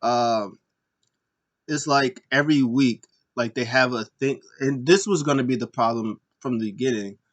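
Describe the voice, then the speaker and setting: A man's voice: mid-range voice, moderate pace. Male host, casual recap, rambling delivery with restarts and fillers, mid-range voice. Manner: rambling, animated retellings with frequent fillers and restarts. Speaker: podcast host.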